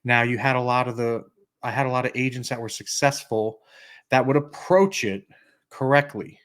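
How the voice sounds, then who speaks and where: A man's voice: mid-range voice, moderate pace, fairly bright tone. A middle-aged man co-hosting a podcast, talking bluntly and telling stories about managing an office. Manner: blunt, storytelling with acted quotes. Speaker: podcast co-host. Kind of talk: casual podcast conversation.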